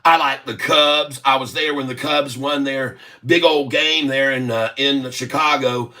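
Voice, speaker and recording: A man in his sixties from the South with a Southern accent, hosting a rambling livestream, loud and laughing, with rhymes thrown in. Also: medium pitch, fairly even intonation, measured pace. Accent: Southern American. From Southern United States. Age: 60s. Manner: boisterous, rhyming, laughing often. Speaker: livestream host. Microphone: webcam mic.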